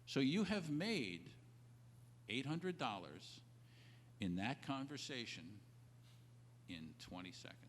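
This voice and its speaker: A man giving animated business advice, stressing key points over and over and acting out both sides of a deal. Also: mid-range voice, takes it slowly, long pauses, a little hiss or hum. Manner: emphatic, repeats key points. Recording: reverberant old audio recording.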